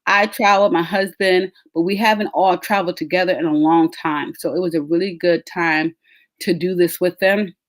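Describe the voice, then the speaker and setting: A woman's voice: fairly low pitch, fairly even intonation, normal speed. A woman, a podcast host telling a story in casual, chatty talk straight to her listeners. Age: 30s. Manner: chatty, addresses listeners as y'all.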